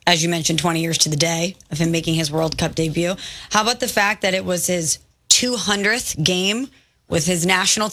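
A woman co-hosting a sports talk show, enthusiastic and quick to agree and riff on the conversation. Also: lowish voice, a bit bright.

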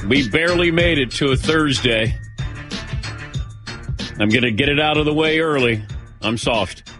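A man's voice: on the high side, unhurried, over music. A man hosting a sports radio show, telling a self-mocking story in casual chat, acting out the voices of the people in it and saying he still feels lightheaded.

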